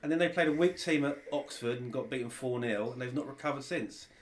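A man's voice: medium pitch, fairly quick, a little hiss or hum. A middle-aged man, a podcast guest, talking in a blunt, wry way in casual chat.

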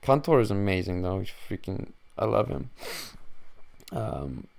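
Gravelly-voiced man rambling casually. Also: fairly low pitch, very animated, unhurried, a little mellow. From Mexican-American. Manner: rambling, filler-heavy, joking. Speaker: podcast host. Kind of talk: casual solo chat.

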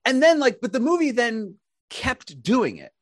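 American podcast host, animated, swinging pitch, laughs a lot, dry close mic. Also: a little slow, no echo. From United States. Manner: animated, laughs often, trails off and restarts. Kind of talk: casual chat.

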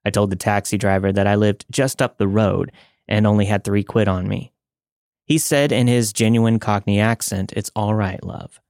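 Male podcast narrator, low register, dramatic measured storytelling, dry close recording. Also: steady tone, vocal fry, darkish tone, no room sound. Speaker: podcast host reading listener stories. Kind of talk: scripted narration.

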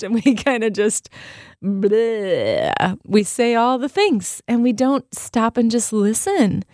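A woman's voice: medium pitch, darkish tone, no room sound, clean studio sound. A woman co-hosting a faith podcast, teaching in an upbeat, emphatic way and telling stories as she goes. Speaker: podcast co-host.

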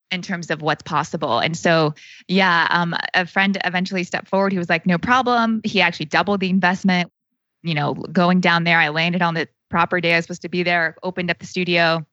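Fast-talking woman telling her story. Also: lowish voice, pushed and bright, dry recording, dull audio. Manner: chatty, heavy use of "like", acts out quoted speech. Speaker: podcast guest. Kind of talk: casual storytelling conversation.

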